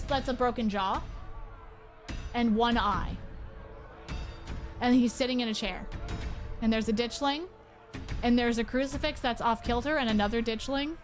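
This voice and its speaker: A woman's voice: on the high side, a bit bright. A woman streaming a horror game, talking casually with lots of swearing and rambling asides. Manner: chatty, heavy swearing, rambling. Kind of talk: casual let's-play commentary.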